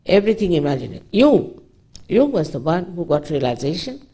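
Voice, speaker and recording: A woman's voice: lowish voice, big pitch swings, fairly quick, mellow, slightly rough. A woman from India with an Indian English accent, giving a public spiritual talk in an emphatic, storytelling way with frequent asides. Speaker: spiritual teacher.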